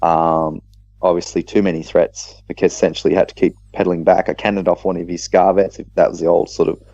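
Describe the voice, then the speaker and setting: Recounting a tabletop match in casual chat, this Australian podcast co-host tells his story in an animated way, restarting quickly now and then. He has a deep voice, and the sound is lo-fi.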